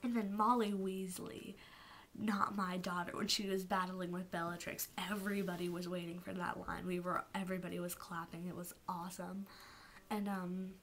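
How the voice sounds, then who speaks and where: A woman vlogger ranting casually to the camera as a fan, gushing and emotional, often dropping into soft whispers. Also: fairly low pitch, level tone, moderate pace, a little hiss or hum.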